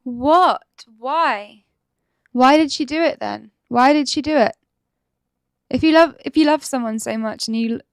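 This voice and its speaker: A woman's voice: fairly high pitch, a little mellow, dry recording, studio quality. A woman host giving indignant reaction commentary, firing rhetorical questions.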